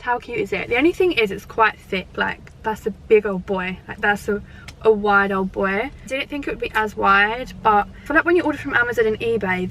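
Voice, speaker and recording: A woman's voice: medium pitch, a bit bright, slight background noise, poor audio. A young woman with a British accent chatting casually and rambling on while driving her car. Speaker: vlogger. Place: inside a car.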